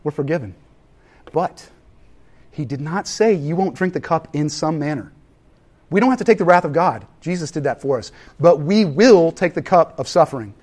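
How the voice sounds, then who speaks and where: A man, preaching a sermon in a casual, animated way that swings from loud to hushed. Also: on the high side, moderate pace. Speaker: pastor.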